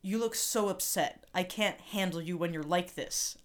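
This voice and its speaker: A woman playing a smug 1960s husband, speaking in a dry, patronizing deadpan in a comedy improv scene. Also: on the low side, moderate pace, close to an everyday voice. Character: smug 1960s ad-man husband, male, middle-aged.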